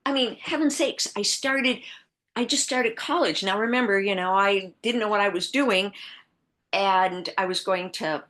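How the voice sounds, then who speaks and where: Midwest woman author telling her own story on a podcast, earnest, goes quiet then gets emphatic. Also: mid-range voice, measured pace. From American Midwest. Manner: earnest, reflective, shifting between hushed and bursting emphasis. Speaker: author guest. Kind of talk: personal storytelling in a podcast interview.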